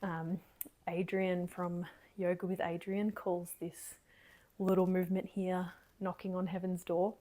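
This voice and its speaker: A woman leading a casual guided movement meditation from her lounge room, gentle and encouraging, a little out of breath. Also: lowish voice, flat delivery, measured pace. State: slightly out of breath.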